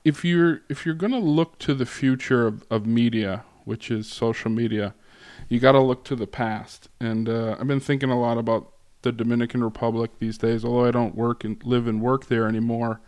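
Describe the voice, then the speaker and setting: A man speaking as a guest lecturer to a class, in a relaxed way with many fillers, pauses and restarts. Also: mid-range voice, smooth, no echo. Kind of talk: casual classroom talk.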